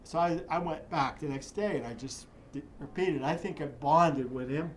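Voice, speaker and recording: A man's voice: fairly high pitch, normal speed, slight background noise. An older man, a guest in an interview, telling long, vivid stories with many restarts. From Pittsburgh area. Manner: vivid, rambling reminiscence with restarts. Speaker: interview guest, charity executive director. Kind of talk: animated storytelling in an interview.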